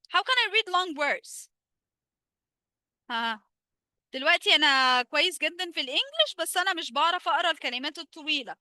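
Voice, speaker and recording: A woman with an Egyptian accent, a native Arabic speaker, teaching a live online English lesson. She asks questions and answers them herself, says her English slowly and her Arabic asides fast. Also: very high-pitched, pushed and bright, no room sound.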